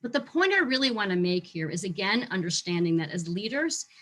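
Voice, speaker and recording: A woman teaching a short online lesson on facility management, talking lively and acting out how staff react to change. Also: mid-range voice, brisk. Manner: lively, acts out staff reactions in quoted voices.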